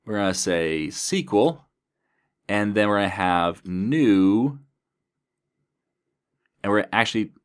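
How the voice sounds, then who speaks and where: A man's voice: on the low side, lively intonation, slow pace, pauses often, smooth. A man giving a coding tutorial, talking through each step as he types. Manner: methodical, talks through code as he types. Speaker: programming instructor.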